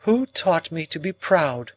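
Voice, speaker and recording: A man reading an audiobook voices a cold, proud young woman with a measured, coolly reasoning delivery. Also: a little high, very animated, no echo, pitched above the performer's own voice.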